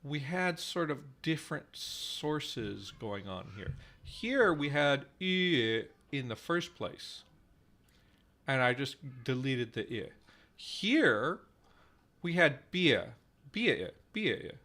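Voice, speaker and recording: A man hosting a live stream on building a language, thinking aloud slowly with many fillers, repeating trial words over and over. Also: mid-range voice, lively intonation, sharp tone. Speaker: podcast host running a conlang stream.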